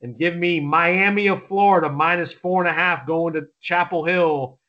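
A man co-hosting a sports podcast, chatting casually about picks in an excitable, rambling way with lots of restarts. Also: on the high side, moderate pace, lo-fi sound. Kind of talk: casual sports betting chat.

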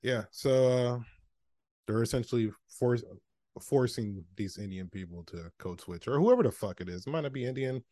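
A man's voice: medium pitch, animated, normal speed, warm tone, dry recording, studio quality. A man co-hosting a podcast in a laid-back, profane, casual chat, full of filler phrases. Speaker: podcast co-host.

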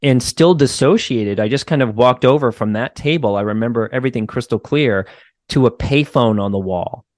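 A man's voice: medium pitch, normal speed, dry recording, studio quality. A man with a faint Boston accent, a therapist guest telling a story in a casual podcast conversation, full of "like" and "you know". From Boston area, United States. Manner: animated storyteller, many "like" and "you know" fillers.

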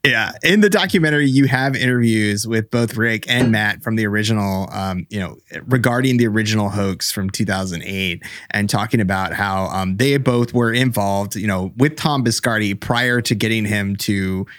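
A man walking through background facts on a podcast, hesitating with fillers. His voice is on the low side. The recording is dry and close. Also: moderate pace, hardly any pauses, fairly bright tone, no echo. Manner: explaining with many fillers. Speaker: podcast co-host. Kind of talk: casual chat.

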